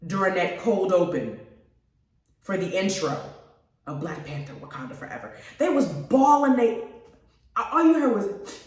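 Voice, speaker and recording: A female radio host gushes casually to her listeners about a movie, her medium-pitched, darkish voice very animated yet measured, with long pauses. She's recorded in a very echoey room with the mic at a distance.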